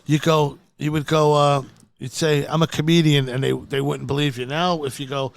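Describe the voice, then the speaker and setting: A man, a comedian telling stories in casual talk, profane and animated as he acts out quotes. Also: a little high, moderate pace, creaky. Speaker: podcast guest, comedian. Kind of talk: casual storytelling.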